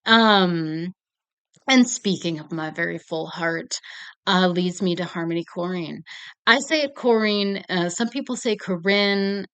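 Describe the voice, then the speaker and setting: A young woman chats about her favorite films, gushing and cursing freely with frequent laughs. Her voice is bright and forceful. The sound is dry and close, with no room around it. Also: lowish voice, animated, a little slow, clean tone, dry recording. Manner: gushing, swearing, laughing often. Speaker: film reviewer. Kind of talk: casual movie talk to camera.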